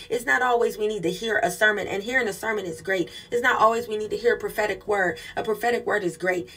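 Husky-voiced woman preaching fervently. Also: medium pitch, a bit bright. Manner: fervent call-and-response preaching. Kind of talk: sermon.

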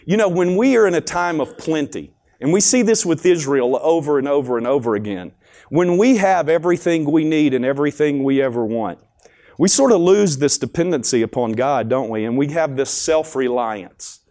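A man's voice: on the high side, expressive, moderate pace, dark tone. A man preaching a sermon at a school chapel in a folksy, conversational storytelling manner.

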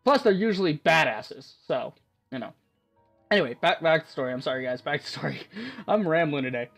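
A man's voice: a little high, lively intonation, fairly quick, gravelly, fairly bright tone, soft background music. A young man gushing and rambling through let's-play commentary of a game, swearing often. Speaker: gaming YouTuber.

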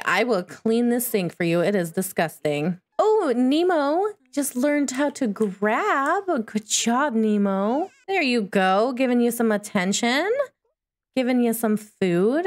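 A chatty young woman giving gameplay commentary in a fairly high voice. She exclaims often as she talks through her game. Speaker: gaming channel host.

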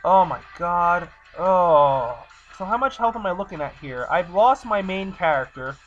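Exasperated gamer doing let's play commentary over faint game music, mid pitch, slightly muffled audio. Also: animated, measured pace, a bit bright.

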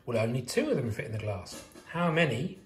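A man teacher asking young children maths quiz questions in a slow, sing-song way. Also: mid-range voice, big pitch swings. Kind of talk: early years maths quiz video. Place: home kitchen. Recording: roomy echo.

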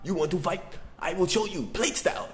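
A man's voice: high-pitched, a little fast, background noise, natural voice. An actor playing a stern, bossy immigrant father who barks short commands in broken English with a Korean accent. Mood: angry. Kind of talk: comedy sketch acting. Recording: echoey room with loud music.

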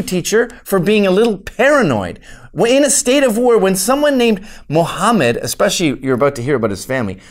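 A man delivering a mocking, sarcastic political rant full of profanity. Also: sits high. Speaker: political commentator.

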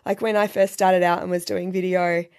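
A woman's voice: on the low side, little pitch movement, normal speed, a little mellow, smooth. A woman hosting a solo podcast, talking in a chatty, candid way with many fillers. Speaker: podcast host. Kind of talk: casual solo podcast talk.

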